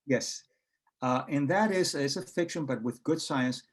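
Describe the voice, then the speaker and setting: A man's voice: fairly high pitch, a little slow, husky. A man talking in a conversational interview, telling anecdotes and acting out quoted dialogue, with frequent hesitations and restarts. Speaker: guest author and researcher.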